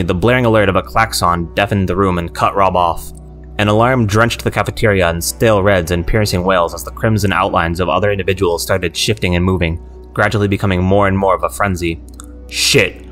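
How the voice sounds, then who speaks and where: Deep-voiced man narrating horror. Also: fairly bright tone.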